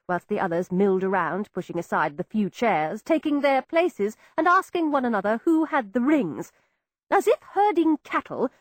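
Woman audiobook narrator, higher voice with lively swings, dry close mic. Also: no room sound. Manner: expressive, wry storytelling. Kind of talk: scripted first-person narration.

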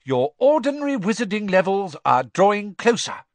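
A man's voice: sits high, big pitch swings, moderate pace, no room sound, pitched above the performer's own voice. Professor McGonagall, stern older witch voiced by a man. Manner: clipped, stern, lecturing.

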